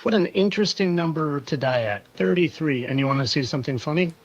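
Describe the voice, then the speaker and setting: Man, host, sarcastic insinuating delivery, higher voice, dull lo-fi audio. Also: animated, fast talker, slight background noise. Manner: sarcastic, insinuating, repeats phrases for effect. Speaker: conspiracy video host. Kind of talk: monologue over clips. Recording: dull lo-fi sound.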